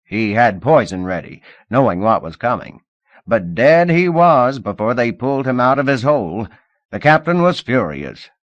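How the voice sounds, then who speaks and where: A man voicing a gruff, gossipy male police sergeant who speaks loudly and drags out his lines. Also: medium pitch, very animated, no room sound, muffled recording, pitched above the performer's own voice, lightly acted. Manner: loud, folksy, drawn-out lines.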